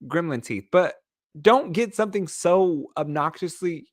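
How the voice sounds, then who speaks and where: A man co-hosting a podcast in casual chat, animated and laughing as he hands out cheeky advice. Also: on the high side, unhurried, dry recording, studio quality. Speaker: podcast co-host.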